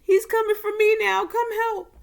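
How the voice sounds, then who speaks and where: A woman voicing a pained, frightened mother who pleads with her daughter for help, in a high, strained voice. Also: level tone, moderate pace, vocal fry. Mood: pleading.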